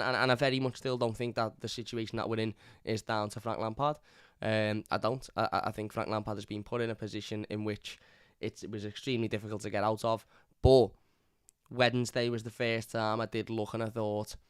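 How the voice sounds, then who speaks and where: A man's voice: fairly low pitch, fairly bright tone, smooth, no room sound, clean studio sound. A man hosting a live football fan review, frustrated, stumbling over and repeating his words and scolding his chat. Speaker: fan channel host.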